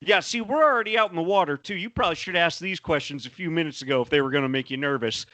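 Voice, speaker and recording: A man's voice: on the high side, fast, bright, forceful tone, no room sound. A man putting on a folksy Southern swamp guide. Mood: reassuring. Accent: put-on Southern US. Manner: drawling, rambling, chummy tour patter.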